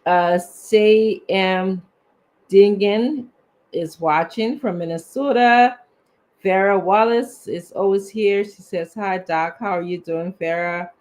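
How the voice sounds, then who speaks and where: A man's voice: high-pitched, takes it slowly. A man, co-hosting a live show and reading out viewers' names, sometimes stumbling over them. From Liberia. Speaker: co-host.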